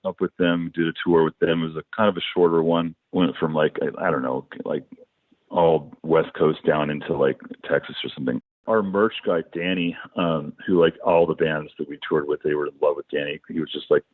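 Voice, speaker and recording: Deep-voiced man telling rambling tour stories. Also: a little fast, no echo. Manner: rambling, animated anecdotes with many restarts. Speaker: musician, guest. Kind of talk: casual storytelling in a podcast interview. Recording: dry, phone-like.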